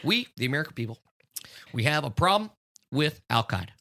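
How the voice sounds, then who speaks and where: A man doing an impression of a male president, with a slow, deliberate speech cadence full of pauses. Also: fairly high pitch, big pitch swings, sharp tone, full character voice. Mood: solemn. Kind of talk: comic impression.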